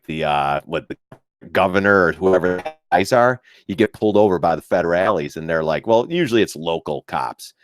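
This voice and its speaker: A man's voice: low-pitched, a little fast, no room sound. A middle-aged man hosting a casual trading live stream, rambling and joking, swearing casually and laughing often. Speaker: live-stream market host.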